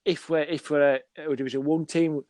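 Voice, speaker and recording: Animated and storytelling, a football scout on a podcast chats casually and voices the little exchanges in his anecdotes. His voice sits on the high side, he speaks a little fast, and there's no echo.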